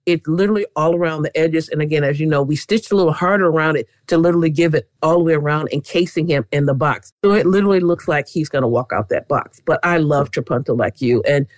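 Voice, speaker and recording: A middle-aged woman talking as a guest about quilting, animated and keen on saying "literally.". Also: sits low, quick pace, few pauses, no echo. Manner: animated, leans on "literally" often. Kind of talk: casual interview chat.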